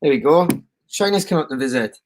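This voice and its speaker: A man's voice: on the high side, expressive, brisk. A man in casual chat on a video call, joking around and trying out silly accents. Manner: jokey, tries silly accents. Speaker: guest.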